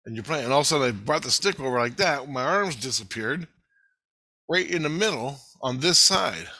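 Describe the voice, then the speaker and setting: Profane, rambling man with a bright voice. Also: mid-range voice, animated, fairly quick, dry recording. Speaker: vlogger. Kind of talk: casual storytelling.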